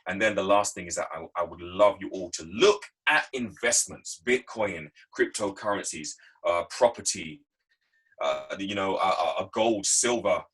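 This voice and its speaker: Husky, bright-voiced man telling a story. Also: low-pitched, moderate pace, rough recording. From England. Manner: storytelling, emphatic and repetitive. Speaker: guest speaker. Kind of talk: motivational talk on a video call.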